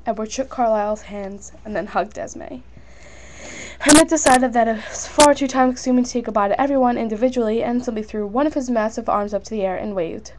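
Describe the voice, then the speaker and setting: A woman's voice: on the high side, a little fast, a little hiss or hum. A young woman reading her own story aloud in a casual, unpolished way, with fillers and small slips. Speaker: fan fiction reader.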